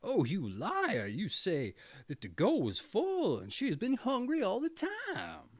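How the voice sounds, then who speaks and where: A wrathful old tailor from a fairy tale, voiced by a man reading aloud. He exclaims and scolds slowly, his pitch rising and falling widely. The recording is dry. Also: huge pitch swings, no echo, full character voice. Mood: scolding. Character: old hot-tempered male tailor. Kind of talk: storybook reading.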